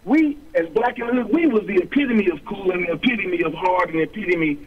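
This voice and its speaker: Fast-talking animated man, muffled radio sound. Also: high-pitched. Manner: animated, acts out quoted voices, streetwise slang. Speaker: guest author. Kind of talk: storytelling in an interview.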